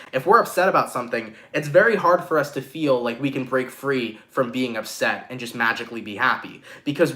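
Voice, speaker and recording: A man giving a casual live-streamed tarot reading, expressive and swearing freely as he talks to viewers. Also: on the high side. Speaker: tarot reader.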